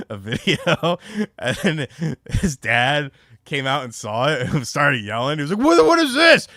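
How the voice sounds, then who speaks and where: A man's voice: mid-range voice, unhurried, bright, forceful tone, no room sound, clean studio sound. A young man from North Carolina, chatting on a casual livestream and telling rambling, profane stories full of fillers. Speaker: streamer.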